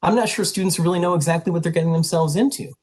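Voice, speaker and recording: Husky, earnest middle-aged man. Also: fairly high pitch, racing, a little mellow, poor audio. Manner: earnest, emphatic, direct. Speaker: pre-health program advisor and instructor. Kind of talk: info session talk to prospective students.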